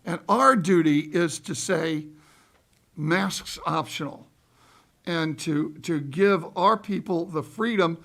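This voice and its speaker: A man's voice: fairly high pitch, a little slow, few pauses, fairly bright tone. A man on a school board giving folksy, emphatic remarks at a public meeting. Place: meeting room.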